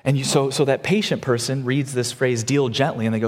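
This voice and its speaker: A man preaching a sermon as pastor, animated, acting out the voices of the people he describes. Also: mid-range voice, brisk. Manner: animated, acts out voices of others. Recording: long hall reverb.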